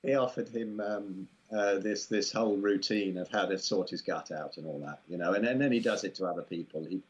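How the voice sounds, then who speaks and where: A man's voice: deep voice, brisk, slightly rough. A man with an English accent, a guest in a casual interview, talking in long rambling runs full of "you know" asides. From England. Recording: muffled lo-fi recording.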